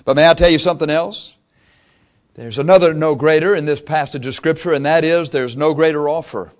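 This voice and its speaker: Impassioned preacher man with a high voice. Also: fairly quick. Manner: impassioned, swings between loud emphatic peaks and quiet low asides; repeats phrases for emphasis. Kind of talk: sermon.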